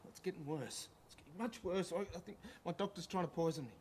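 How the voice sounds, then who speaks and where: A man's voice: sits high, fast talker, a little mellow, slight background noise, natural voice. A man playing a frightened, paranoid man off his medication, agitated and stammering, repeating himself. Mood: fearful.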